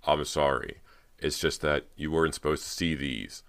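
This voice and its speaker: A man reading a smooth, menacing male film director in an audiobook, persuasive and eagerly excited by turns. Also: a bass voice, moderate pace.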